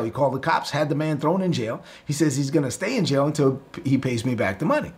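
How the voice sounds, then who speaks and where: A man's voice: medium pitch, fast talker. A man from Brooklyn with a Brooklyn accent, preaching a sermon in a casual, storytelling way. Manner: casual, storytelling with lively acted-out voices. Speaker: pastor.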